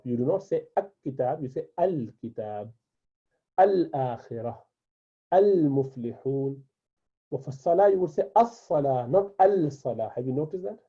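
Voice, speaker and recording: Husky-voiced man teaching, tinny phone-like sound. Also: fairly high pitch. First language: Urdu. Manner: patient, repeats and drills words slowly. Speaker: Arabic teacher. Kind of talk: classroom lesson explanation.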